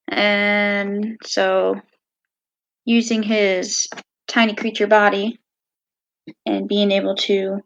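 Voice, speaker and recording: A woman playing a tabletop game, easygoing and relaxed in casual talk. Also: medium pitch, lo-fi sound. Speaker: player.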